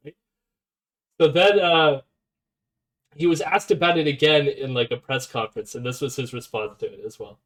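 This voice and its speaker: Man, stream host, sarcastic commentary, animated pitch. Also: normal speed. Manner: sarcastic, laughs often, mocks quoted voices. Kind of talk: casual political commentary stream.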